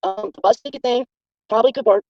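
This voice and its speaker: A middle-aged or older guest on a casual livestream, emphatic and defensive, who talks in rushes. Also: mid-range voice, dry recording. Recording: muffled lo-fi stream audio.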